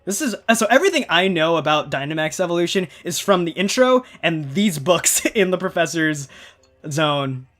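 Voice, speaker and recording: A man's voice: a little high, sing-song, normal speed, fairly bright tone. A man giving casual, rambling commentary while playing a game, often breaking off and restarting his thoughts. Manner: rambling, chatty, self-interrupting. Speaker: gaming channel host. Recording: faint game music behind.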